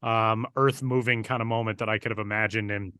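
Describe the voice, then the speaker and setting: A man tells a story on a podcast in a casual, lively way. His voice is bright and forceful. The sound is dry and close, with no room around it. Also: lowish voice, a little fast, clean tone, dry recording. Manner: animated, building excitement while recounting. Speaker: podcast co-host and broadcaster.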